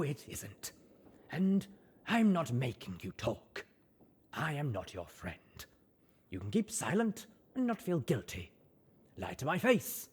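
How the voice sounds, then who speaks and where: A man voicing a tough young mare in an audiobook reading, speaking calmly, dryly and softly. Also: medium pitch, breathy edge, pitched above the performer's own voice, exaggerated voice. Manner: calm, dry, soft-spoken. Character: tough young mare, snide but now calm and soothing.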